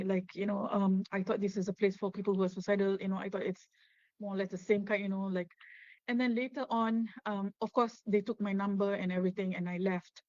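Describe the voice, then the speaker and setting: Woman, middle-aged, flat even pitch, hesitant fillers, dull dry video-call audio. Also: no echo. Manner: halting, many fillers and restarts. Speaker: guest, suicide loss survivor. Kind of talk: personal testimony on a webinar.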